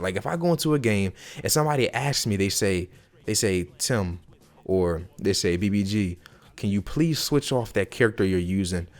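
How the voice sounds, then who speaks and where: Very deep-voiced man lecturing gamers emphatically. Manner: emphatic and repetitive, addresses viewers as y'all. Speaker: gaming video host. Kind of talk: casual advice vlog to camera.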